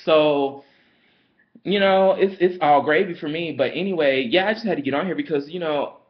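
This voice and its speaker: A man's voice: a little high, moderate pace, highs cut off. A man telling a story in a sassy, dramatic way, calling the listener girl and honey. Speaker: vlogger. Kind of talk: casual storytime rant.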